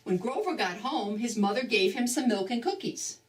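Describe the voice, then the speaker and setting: An older woman from New Jersey reading a children's book aloud in a slow, expressive grandmotherly way. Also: a little high, recorded from a distance. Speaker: storybook reader.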